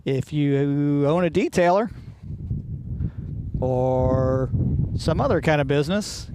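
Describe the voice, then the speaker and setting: A man calling a high school softball game, upbeat and joking between plays. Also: slow, background noise. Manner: upbeat, jokey, plugs ads. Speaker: play-by-play commentator. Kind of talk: sports commentary. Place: windy outdoor ballpark press table.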